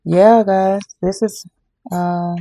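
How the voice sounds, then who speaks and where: Gravelly tarot reader talking emphatically. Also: medium pitch, steady tone, extremely slow, warm tone, dry recording, faint music behind. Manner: emphatic and repetitive, addresses viewers as y'all. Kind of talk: casual tarot card reading to viewers.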